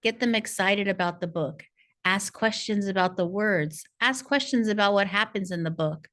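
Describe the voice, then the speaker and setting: Reading from a script at a moderate pace, a reading coach guides parents through a workshop. Her medium-pitched voice is a bit bright, and she sounds encouraging and patient in the manner of a teacher.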